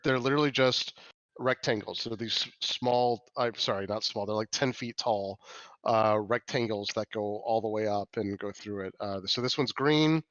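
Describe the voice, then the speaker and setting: A man's voice: medium pitch, fairly bright tone, no echo, highs cut off. A man running a tabletop game as game master, describing scenes with many restarts and fillers. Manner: rambling, self-correcting descriptions.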